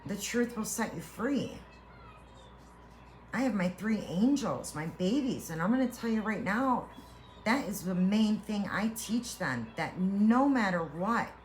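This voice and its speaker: A woman's voice: medium pitch, animated, slight background noise. A woman, a tarot reader, giving an earnest, heartfelt spiritual reading to viewers, reassuring them and often restarting her sentences. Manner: halting with repeated restarts.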